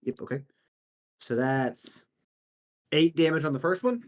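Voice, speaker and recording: A man narrating as dungeon master, unhurried and laughing easily, with fillers between descriptions. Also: fairly high pitch, sing-song. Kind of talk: narrating a tabletop game.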